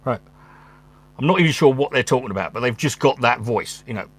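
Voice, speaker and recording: Talking casually in his room at home, a man who does stand-up and hosts a channel rambles through a sweary, stop-start monologue. He has a medium pitch with an expressive, fairly quick delivery, a slightly bright tone, and a breathy edge.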